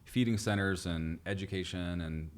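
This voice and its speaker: A man's voice: sits low, moderate pace. A man guest in an interview, telling stories with energy and acting out the people he quotes. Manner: animated storyteller, acts out quoted people. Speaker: guest entrepreneur. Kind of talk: storytelling interview chat.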